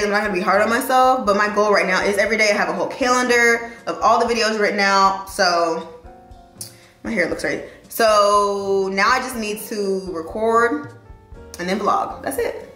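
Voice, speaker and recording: A young woman chatting in a get-ready-with-me vlog, animated, slangy and emotional as she encourages her viewers. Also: medium pitch, echoey room. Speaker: vlogger and lawyer.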